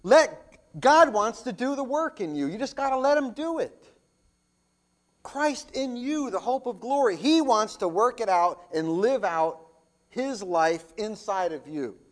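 A man preaching a sermon as pastor, reading scripture and asking rhetorical questions, with loud emphatic swells and hushed drops. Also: high-pitched, lively intonation, measured pace.

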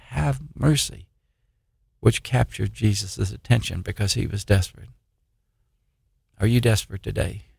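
A man giving an informal sermon on his own program, reading scripture haltingly and pressing listeners with repeated questions. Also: medium pitch, creaky, darkish tone, husky, no echo, studio quality. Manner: halting, restarts and "uh" while reading verses, then urgent repeated questions.

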